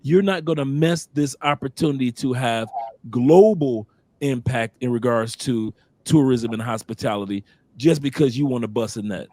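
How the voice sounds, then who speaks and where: A man hosting a casual chat, telling stories in a lively way and often restarting with repeated words. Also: medium pitch, normal speed, no room sound. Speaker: podcast host living abroad.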